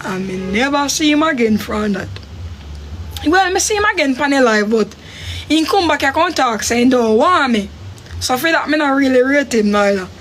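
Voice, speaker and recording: Jamaican woman, high voice, animated casual storyteller, faint noise behind. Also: normal speed. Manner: animated, acts out her own quotes with sharp pitch jumps.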